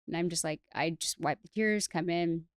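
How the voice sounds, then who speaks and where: A woman's voice: lowish voice, normal speed, no echo, studio quality. A woman guest on a podcast, telling her personal story candidly in a chatty way, with lots of "like" fillers and restarts. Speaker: podcast guest, hairstylist educator.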